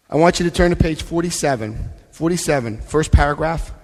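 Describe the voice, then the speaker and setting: This Florida man speaks fast and on the high side, with a darkish tone and few pauses. Addressing a big convention hall during a recovery event, he guides listeners through the book's pages, emphatic and direct, frequently asking "Okay?" Long hall reverb trails his live talk.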